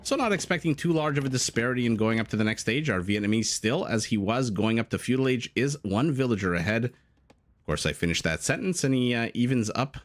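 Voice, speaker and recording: A man's voice: mid-range voice, lively intonation, fairly quick. A man casting a strategy game live, chatting and joking with his viewers between plays. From Canada. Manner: chatty, jokey, breaks off to answer chat. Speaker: game caster. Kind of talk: live esports commentary, reading chat.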